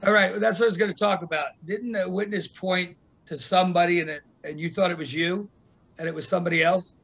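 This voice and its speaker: Male host, casual interview, high voice with some fry, chatty. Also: fairly even intonation, quick pace, a bit bright. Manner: chatty, laughs often, interjects.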